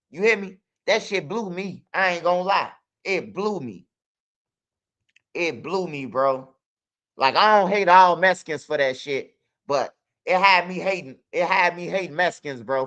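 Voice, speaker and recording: Loose and streetwise, this young channel host spins street stories in a casual monologue, repeatedly dropping "bro" and "you hear me." He speaks with a higher-leaning, bright voice and a forceful tone.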